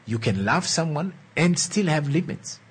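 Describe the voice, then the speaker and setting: A man's voice: a little high, expressive, breathy edge. A man giving an earnest motivational talk on relationships, repeating key lines and checking in with his listeners. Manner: earnest, coaxing, slow and emphatic. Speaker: relationship speaker.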